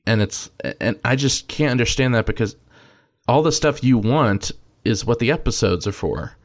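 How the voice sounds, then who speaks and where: A man's voice: mid-range voice, animated, moderate pace. A man in a casual podcast discussion, talking emphatically and enthusiastically as he shares strong opinions.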